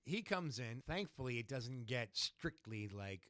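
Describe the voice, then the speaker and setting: A man's voice: medium pitch, expressive, measured pace, sharp tone, no echo, clean studio sound. A man co-hosting a podcast in casual chat, recapping old wrestling shows and acting out quotes in a raised voice. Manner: chatty, acts out quotes in raised voice. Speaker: podcast co-host.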